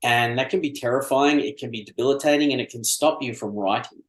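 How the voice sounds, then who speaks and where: A man's voice: medium pitch, brisk. A male author and podcast guest, talking reflectively and candidly with many fillers. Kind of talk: casual podcast chat. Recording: roomy echo.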